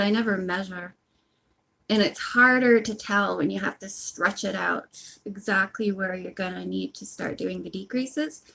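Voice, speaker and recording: A woman's voice: medium pitch, gravelly, a bit bright. A woman casually chatting on a phone livestream at home while she knits, rambling with lots of asides. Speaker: audiobook channel host.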